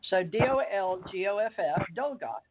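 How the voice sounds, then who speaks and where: Over a tinny phone or computer call, an older woman hosts a casual interview, chatty and rambling, at one point reading a bio aloud. She speaks at normal speed in an expressive mid-range voice, with a noisy background.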